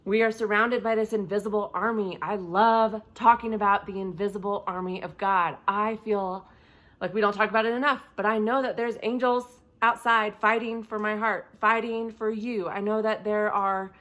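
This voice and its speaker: A woman's voice: medium pitch, steady tone, moderate pace, fairly bright tone. Woman giving a casual chapel devotional. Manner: reads scripture aloud, then talks casually and vividly. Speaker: chapel speaker. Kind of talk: devotional talk.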